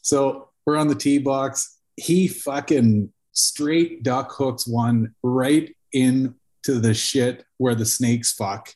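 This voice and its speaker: A man's voice: mid-range voice, steady tone, slow pace, hardly any pauses, darkish tone. A man, co-hosting a casual podcast and telling rambling, profane stories. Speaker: podcast co-host.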